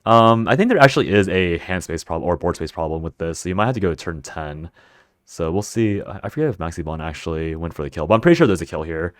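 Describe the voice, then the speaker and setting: A man's voice: low-pitched, lively intonation, fast, no echo, studio quality. A man giving a casual gameplay breakdown of a card game, thinking aloud and correcting himself mid-sentence.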